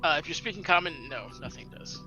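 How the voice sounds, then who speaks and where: A man's voice: fairly high pitch, lively intonation, a little fast, pushed and bright, lo-fi sound, faint music behind. A man running a tabletop game as dungeon master, stammering and laughing often.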